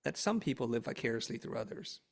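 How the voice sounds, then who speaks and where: Gravelly middle-aged man telling a story. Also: mid-range voice, fast talker. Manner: animated, acts out dialogue in raised voice. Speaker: interview guest. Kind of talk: casual storytelling.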